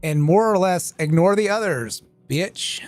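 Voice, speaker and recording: A man's voice: fairly high pitch, normal speed, darkish tone, faint music behind. A man streaming, reading a technical tutorial aloud and breaking off for casual, profane asides. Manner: reads text aloud with casual asides and swearing.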